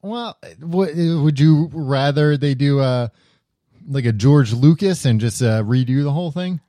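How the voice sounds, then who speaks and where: A man co-hosting a casual movie podcast, animated and laughing often, with plenty of fillers. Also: a little high, measured pace, no echo, clean studio sound. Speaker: podcast co-host. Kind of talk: casual chat about movies.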